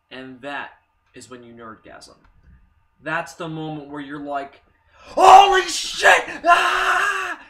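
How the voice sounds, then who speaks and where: Excitable male fan reviewer, bright and fairly high, swears a lot, echoey room. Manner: excitable, swears freely, acts out his reactions. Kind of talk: excited casual commentary.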